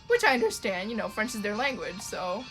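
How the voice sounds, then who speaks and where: A woman's voice: medium pitch, big pitch swings, a little fast, fairly bright tone, faint music behind. A young woman from Ontario with a Toronto Canadian accent, chatting casually and rambling with swearing while she draws on a live stream.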